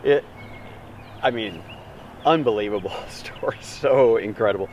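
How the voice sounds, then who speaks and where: A man preaching an Easter sermon as pastor, telling the story in an animated, dramatic way with big swings in pitch. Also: unhurried, recorded from a distance, slight background noise.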